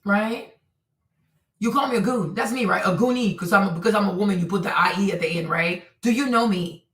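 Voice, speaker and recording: Woman streamer, heated live-stream rant, bright voice a little off-mic in an echoey room. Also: medium pitch, a little fast, far from the mic. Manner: indignant, repetitive rhetorical questions.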